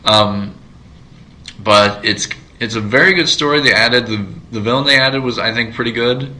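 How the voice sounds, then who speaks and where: A man's voice: medium pitch, normal speed, sharp tone, rough recording. A man co-hosting a casual podcast, chatting about movies in a rambling way with many fillers and restarts. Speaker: podcast co-host. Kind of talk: casual chat.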